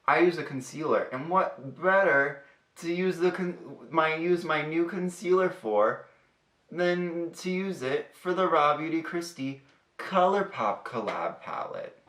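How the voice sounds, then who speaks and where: A young man talks through his makeup routine with a sassy, profane, chatty edge. His voice is bright and forceful, and the room around him sounds echoey. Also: on the high side, expressive, a little slow. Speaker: beauty vlogger. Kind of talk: casual makeup tutorial chat.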